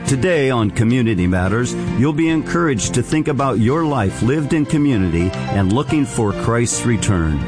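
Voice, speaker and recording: A man reading a scripted introduction to a sermon program in a smooth, measured announcer manner. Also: mid-range voice, animated. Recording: studio voice over music.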